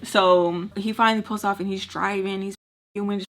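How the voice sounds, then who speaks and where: A woman's voice: mid-range voice, steady tone, moderate pace. Young woman, casual storytime vlogger, blunt, talks to viewers, swears freely. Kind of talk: casual storytime while doing makeup.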